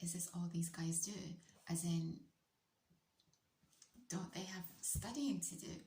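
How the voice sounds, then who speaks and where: A British woman from the UK telling a personal story in a playful, casual way, often dropping into hushed, whispery asides. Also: on the low side, vocal fry, roomy sound. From United Kingdom.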